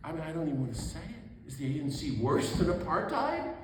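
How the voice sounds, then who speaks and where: Older priest storyteller, lively and expressive, slightly high voice, big echoey hall. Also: male voice, fast. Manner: animated, acts out the people in his stories, laughs often. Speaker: Catholic priest and author speaking. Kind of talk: storytelling talk to an audience. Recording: very echoey hall, faint room noise.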